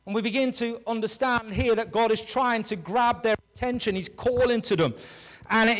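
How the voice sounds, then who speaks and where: A male pastor preaching a sermon to his congregation, animated, swinging between loud calls and hushed words. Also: high voice, in a large hall, low-quality recording. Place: church hall with a congregation.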